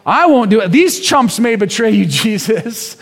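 Man voicing a brash, scornful disciple, pitched up high and swaggering, with a long hall echo. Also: big pitch swings, moderate pace, heavily acted. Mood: cocky. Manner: mocking, swaggering, emphatic. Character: brash boastful male disciple, cocky and scornful.

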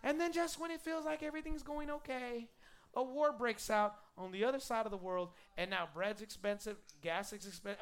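A pastor preaching a sermon to a congregation, animated, calling for responses and often restarting phrases with repeated words. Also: medium pitch, a little fast, smooth. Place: church service before a congregation.

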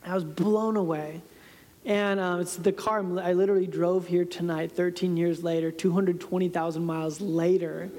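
A pastor in his thirties tells stories in a conversational sermon, often laughing at himself in a self-deprecating way. His voice is high yet dark, with a level tone at normal speed, echoing in a reverberant hall.

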